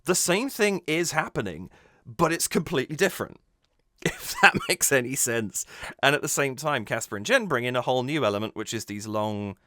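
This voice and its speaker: A man's voice: medium pitch, animated, normal speed, pushed and bright, dry recording. A man hosting a music reaction channel, analysing a cover with enthusiasm and thinking aloud as he goes.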